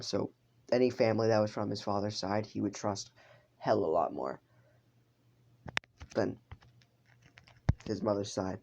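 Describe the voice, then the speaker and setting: Male storyteller, low gravelly voice, rambling, profane, casual asides. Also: dark tone, highs cut off.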